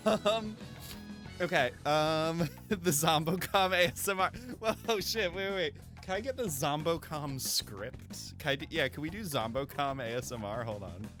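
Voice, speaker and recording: A man's voice: fairly high pitch, expressive, fairly bright tone, dry recording, faint music behind. A man streaming a video game, chatting casually in a jokey, rambling way. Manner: jokey, rambling, quick laughs. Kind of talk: casual gameplay commentary.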